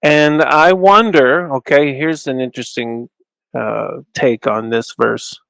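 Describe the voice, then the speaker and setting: A man giving an informal teaching talk, thinking aloud with restarts and slowing down to stress key terms, at times chanting short lines of Hebrew. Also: mid-range voice, gravelly, a bit bright, smooth, no room sound, low-quality recording. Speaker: Bible scholar teaching. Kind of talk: informal lecture with Hebrew recitation.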